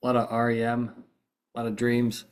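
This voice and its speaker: Still groggy from waking up, this middle-aged American podcast host rambles through casual chat, restarting his sentences many times. He speaks fairly quickly in a smooth, monotone, medium-pitched voice.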